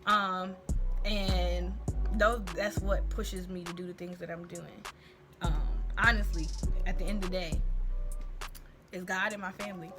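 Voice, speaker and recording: A woman's voice: fairly low pitch, fairly even intonation, measured pace, long pauses. A young woman tells a personal story in a candid, slangy, faith-centered vlog. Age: young adult. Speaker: vlogger. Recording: music playing underneath.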